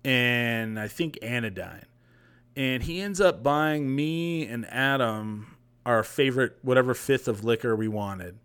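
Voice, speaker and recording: A young man hosts a podcast livestream, his medium-pitched voice smooth and a little slow. He rambles through a long story, retelling it in an animated, casual way full of profanity.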